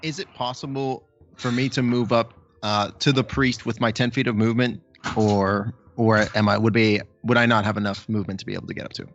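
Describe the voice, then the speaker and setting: Low gravelly guy, methodical player, muffled audio. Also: steady tone, a little fast, faint music behind. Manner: methodical, lays out his moves step by step. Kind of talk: casual tabletop play.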